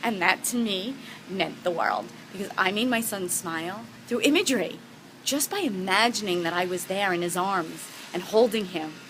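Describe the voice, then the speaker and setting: A woman speaks straight to her viewers as a motivational speaker, sharing personal stories. Her voice is bright and forceful, and her delivery is earnest, heartfelt and encouraging. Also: mid-range voice, moderate pace, a little hiss or hum, rough recording. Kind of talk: personal storytelling to camera.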